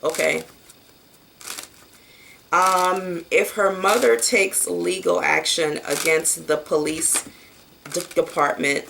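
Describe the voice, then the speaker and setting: A woman's voice: lowish voice, steady tone, slow pace, gravelly, pauses often, a bit bright, a little hiss or hum. A woman doing a casual tarot reading, talking bluntly and loosely with plenty of fillers and some swearing. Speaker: tarot card reader.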